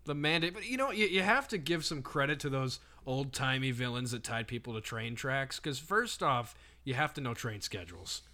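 A man with a mid-pitched voice co-hosts a comedy podcast. He is jokey and laughs often as he builds on the bits. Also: lively intonation, moderate pace, hardly any pauses, bright, forceful tone. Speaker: podcast co-host. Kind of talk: casual podcast banter.

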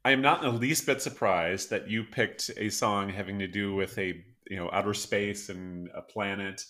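A man co-hosting a laid-back music podcast, talking in a lowish voice. He tells stories with enthusiasm and laughs often, easy and conversational. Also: steady tone, normal speed, bright, forceful tone. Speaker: podcast co-host. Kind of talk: casual chat about songs.

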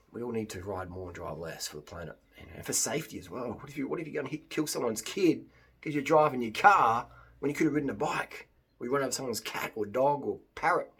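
Husky Australian man, animated rant. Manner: animated, mimics others in high put-on voices. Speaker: vlogger. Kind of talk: unscripted monologue to camera.

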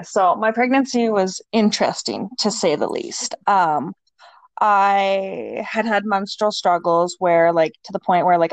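A woman's voice: lowish voice, no echo. A young woman co-hosting a podcast, telling her own story in a casual, candid way, swearing freely and acting out what people said. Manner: candid and swearing, acts out quotes. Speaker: podcast co-host. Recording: dull, dry lo-fi sound.

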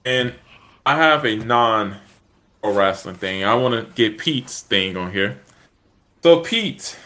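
A man hosting a casual show, talking in an animated way and laughing often. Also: lowish voice, takes it slowly. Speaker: podcast host. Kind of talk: casual chat.

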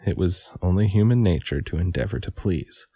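A man's voice: sits low, lively intonation, warm tone, breathy edge, dry recording, clean studio sound. A man reading a mystery novel aloud, stopping to correct himself and chat about the text. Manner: pauses to correct and comment on his reading. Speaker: audiobook reader. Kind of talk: casual read-aloud with commentary.

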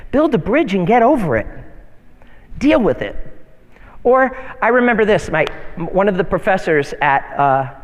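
Pastor, male, high voice, animated sermon delivery, church hall reverb. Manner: animated preaching with mocking whiny voices for quoted complainers. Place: church sanctuary.

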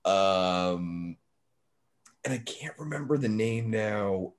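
A man's voice: lowish voice, lively intonation, slow. A man with an English accent in casual podcast chat, rambling and restarting his thoughts.

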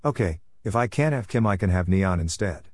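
A man's voice: deep voice, expressive, a little fast, a little mellow, no room sound, clean studio sound. A man voicing a scheming male villain in a children's story, speaking in a boastful, gloating manner. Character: scheming male villain who kidnaps pets.

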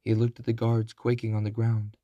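A man narrating a children's storybook aloud, slow and deliberate. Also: on the low side, monotone, warm tone, no echo.

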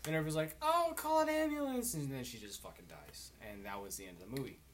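A man's voice: fairly low pitch, big pitch swings, rapid-fire. Young drunk guy, rambling and swearing, casual chat with faint noise behind. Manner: rambling, profane storytelling. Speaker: friend in a group chat.

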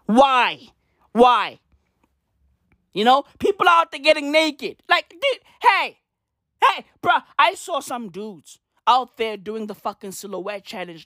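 A woman's voice: mid-range voice, a bit bright, no echo, clean studio sound. A woman delivering a profane, ranting vlog monologue, piling on slang fillers and repeated curses. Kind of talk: profane rant to camera.

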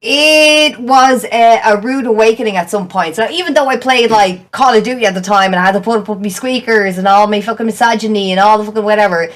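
Blunt, fast-talking Irish woman. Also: mid-range voice. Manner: fast, blunt storytelling with heavy swearing. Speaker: podcast guest, streamer. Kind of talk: casual chat.

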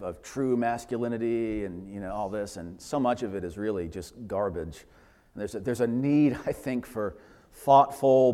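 Male pastor, mid-range voice, emphatic sermon delivery with loud swells, long church reverb. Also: medium pitch. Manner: emphatic, swelling to loud peaks then dropping to quiet asides.

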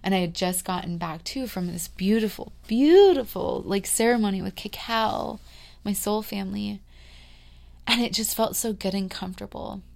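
A woman in her thirties talks her way through a rambling, confiding podcast monologue, full of fillers. Her voice carries a gravelly vocal fry at a middling pitch. She drops to near-whispers and then swells loud again. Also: steady tone, normal speed. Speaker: podcast host. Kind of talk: reflective personal monologue.

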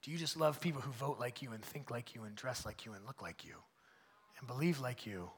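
A man preaching a conversational sermon in a church, swinging between loud bursts and hushed asides. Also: mid-range voice, fairly quick, in a large hall, slight background noise. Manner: animated, swings from loud to hushed, acts out voices of others. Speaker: pastor.

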